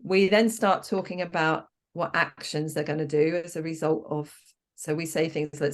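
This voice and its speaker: A woman's voice: deep voice, steady tone, normal speed. A woman coaching trainer explaining her method, acting out sample exchanges between coach and client, with frequent ums and restarts.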